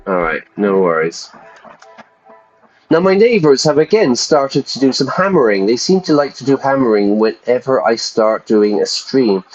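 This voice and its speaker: A man's voice: on the low side, muffled recording. A man teaching English in a casual livestream from home, chatting with viewers as he reads through notes. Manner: chatty, talks to viewers in chat. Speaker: English teacher streaming a game.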